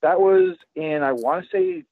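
A man, a guest collector, chatting casually on a podcast in a halting way, full of restarts and fillers. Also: sits high, huge pitch swings, vocal fry, no echo. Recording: tinny, dry phone line.

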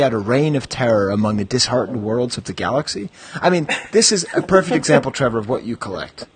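A man's voice: mid-range voice, expressive, quick pace, breathy edge. A man hosting a podcast, chatting and reading descriptions aloud with amused mock gravity. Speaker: podcast host.

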